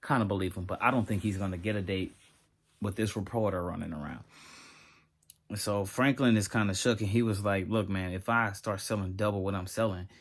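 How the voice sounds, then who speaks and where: A man giving a casual reaction review of a TV episode, talking straight to his viewers in an animated way. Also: low voice.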